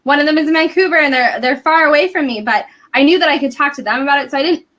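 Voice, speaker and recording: High, bright chatty woman. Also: quick pace. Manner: chatty, animated storytelling with frequent "like" and laughs. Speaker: guest. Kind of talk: casual podcast chat.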